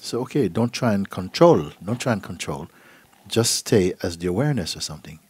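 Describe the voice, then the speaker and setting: A middle-aged man, a spiritual teacher, giving a gentle, unhurried talk and acting out voices in his stories. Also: sits low, expressive, husky, dry recording. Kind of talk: satsang talk, storytelling. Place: gathering hall.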